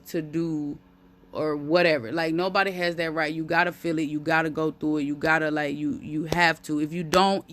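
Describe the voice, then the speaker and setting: A woman talking candidly on a live stream into a phone. She speaks openly and profanely and repeats phrases for emphasis. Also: sits low. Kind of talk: heartfelt live-stream monologue.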